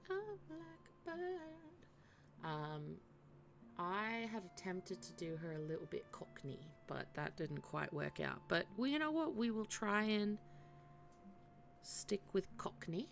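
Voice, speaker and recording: A woman streamer chats her way through a cozy game, rambling and poking fun at herself as she plans character voices. Her voice is low and gravelly, unhurried, over a faint hiss of background noise. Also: animated. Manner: chatty, self-deprecating, thinking aloud. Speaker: live-streamer. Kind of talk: casual gaming stream chat.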